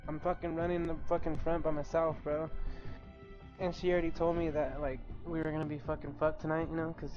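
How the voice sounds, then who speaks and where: A man's voice: a little high, flat delivery, lo-fi sound, music in the background. A young man telling a heated story about a fight with his manager at work. He swears constantly and keeps acting out both sides of the argument. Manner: swears constantly, rapid ranting retelling. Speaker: fast-food worker telling a story. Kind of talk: casual chat on a live stream.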